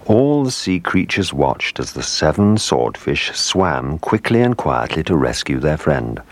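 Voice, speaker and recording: A man narrating a children's storybook in a gentle, expressive way. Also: rumbling low, a little slow.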